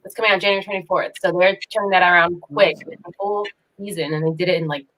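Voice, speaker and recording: A woman actress chatting on a video call, animated and laughing often as she talks about her work. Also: on the low side, fast talker, poor audio. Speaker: actress guest. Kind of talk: casual video call chat.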